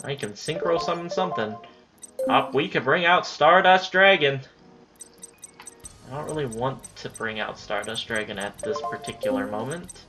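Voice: medium pitch, normal speed, over music. A gaming channel host giving casual let's-play commentary, talking to themself and often saying "dude". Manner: casual self-talk, says "dude" a lot.

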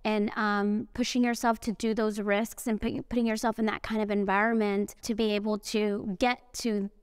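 A woman's voice: medium pitch, level tone, moderate pace, clear, resonant tone, no echo, clean studio sound. A young woman speaking on a panel at an event, chatting casually with lots of fillers and asides. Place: event venue indoors.

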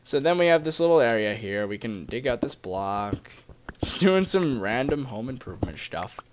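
A young man talks his viewers through a game in a loose, chatty way, his pitch leaping up when something catches his eye. His voice sits at an everyday middle pitch, with a faint hiss under the recording. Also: sing-song, moderate pace. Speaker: Let's Play gamer. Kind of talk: casual gameplay commentary.

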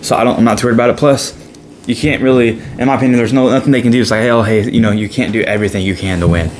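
A man co-hosting a casual racing chat, speaking in a rapid, matter-of-fact way. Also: medium pitch, steady tone, slight background noise. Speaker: podcast co-host.

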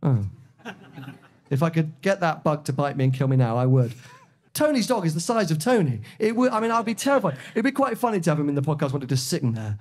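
A man co-hosting a live podcast, telling stories in an animated, joking way before an audience. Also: on the high side, fast talker. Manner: excitable storyteller, animated and joking. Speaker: podcast co-host.

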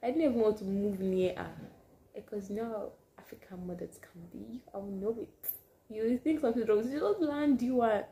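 A woman telling a personal story to camera in a casual vlog, animated and sometimes dropping to hushed asides. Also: mid-range voice, normal speed. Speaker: vlogger.

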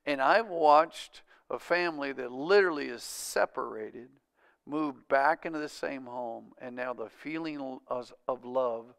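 A male pastor preaching a sermon, calling out for amens and swinging from loud, urgent bursts to hushed, quiet lines. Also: mid-range voice, measured pace, gravelly. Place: church sanctuary.

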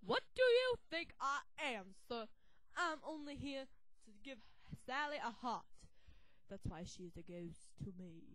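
Fan-dub: woman playing a grumpy old professor, scolding, high and lively. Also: a little slow, no echo, full character voice, poor audio. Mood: indignant. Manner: scolding, indignant. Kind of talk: fan comedy dub of a game.

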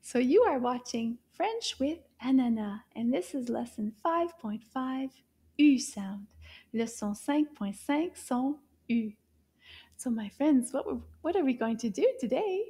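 A woman teaching children, very encouraging, gasping in delight and drawing words out slowly for them to repeat. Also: high voice, expressive, dark tone, breathy edge. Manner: encouraging, gasps and drawn-out exclamations. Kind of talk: children's language lesson.

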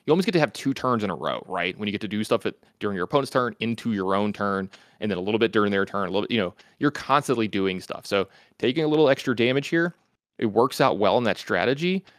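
A man's voice: on the low side, lively intonation, no room sound, studio quality. An American man in his thirties commentating a card game match, analytical and full of fillers. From United States. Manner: analytical, talks fast with many fillers.

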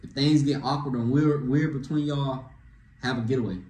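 A young man ranting to camera with dating advice, animated and slangy, tossing in "bro" after nearly every phrase. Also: mid-range voice, moderate pace. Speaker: vlogger giving dating advice. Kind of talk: casual rant to camera. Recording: echoey room with faint ambience.

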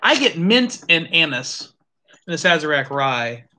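Brief: lively tasting-show host, bright tone, offhand swearing, thinks out loud. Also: medium pitch, a little slow. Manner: animated, swears casually, thinks aloud. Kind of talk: casual live tasting chat.

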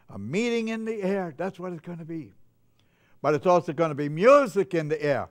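An older male preacher delivers a chapel sermon with fervent, joyful energy that runs away with him. His voice sits a little high for a man. It stays smooth and resonant throughout. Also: expressive, moderate pace. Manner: fervent, gets carried away with joy.

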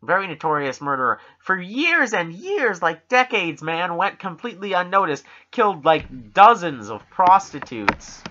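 Bright-voiced profane podcast co-host. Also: male voice, high voice, sing-song, normal speed, hardly any pauses, dull audio. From Canada. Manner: profane, rambling, jokey. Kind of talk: casual podcast chat.

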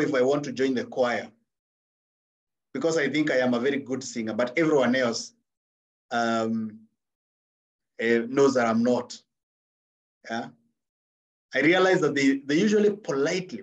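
A man's voice: on the high side, low-quality recording. A man running a seminar on personal branding, telling conversational stories with humorous examples. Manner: lively storytelling with humorous examples.

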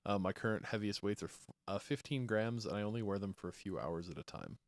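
Low-voiced man reading out chat questions. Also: expressive, quick pace. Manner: reads listener questions, brief agreeing replies. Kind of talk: casual podcast chat.

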